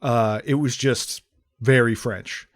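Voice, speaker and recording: A man with a mid-pitched voice co-hosting a film podcast. He speaks in a measured, wry way and often pauses on fillers while he thinks. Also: fairly even intonation. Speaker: podcast co-host. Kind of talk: casual film review chat.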